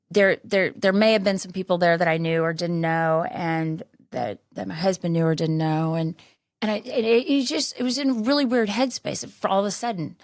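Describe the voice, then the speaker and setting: Low-voiced rambling woman podcaster. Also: dry recording, studio quality. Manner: rambling, with many restarts and fillers. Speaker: podcast host. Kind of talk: candid personal storytelling.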